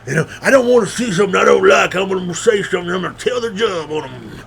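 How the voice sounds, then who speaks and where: A young man hosting his own podcast after a few drinks, rambling and swearing freely as he loses his thread. His pitch jumps around in a lively, expressive way. A faint hiss sits under the voice. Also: fast talker, creaky, few pauses. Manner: profane, rambling, with frequent fillers and restarts. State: drunk. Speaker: podcast host. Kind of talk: casual rambling monologue.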